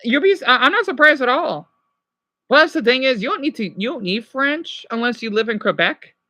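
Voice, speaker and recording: A man's voice: extremely high pitch, animated, a little fast, sharp tone, dry recording. A man streaming live and chatting casually with viewers, rambling, correcting himself and slipping in French phrases. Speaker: livestreamer answering viewers.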